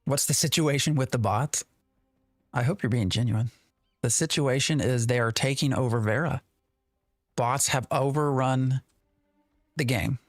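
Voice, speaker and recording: A man's voice: medium pitch, a little slow, long pauses, dry recording, clean studio sound. Exasperated male game streamer. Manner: exasperated, rambling, talks to chat. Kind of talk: live gameplay commentary.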